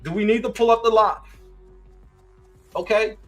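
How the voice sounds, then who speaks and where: Faint music plays behind a low-quality recording of a high-voiced man speaking at normal speed. He's ranting casually about a reality show, cursing, laughing a lot and staying sassy and animated throughout.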